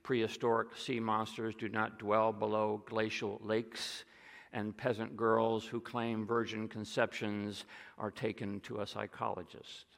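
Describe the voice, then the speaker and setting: A man preaching a sermon, retelling stories and dropping to a hush on key lines. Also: fairly low pitch, monotone, unhurried, vocal fry, long reverb tail. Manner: storytelling, drops to a soft hush on key lines.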